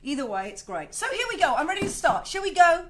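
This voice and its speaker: A middle-aged woman hosting her own home video show, chatty and swearing freely with animated asides. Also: very high-pitched, quick pace, background noise. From Wales. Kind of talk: casual home video chat. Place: home, indoors.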